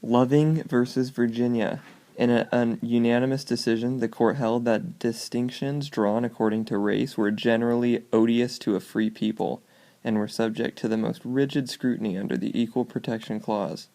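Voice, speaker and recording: A man with a gravelly voice and a middle pitch reads short case summaries aloud in a loose, casual way. Now and then he breaks off for offhand jokey asides. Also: fairly even intonation, moderate pace, dark tone. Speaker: student presenter.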